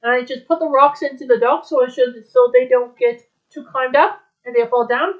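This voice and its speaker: A woman retelling a story aloud in a rambling, halting way, with many restarts. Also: sits high. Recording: dull lo-fi recording.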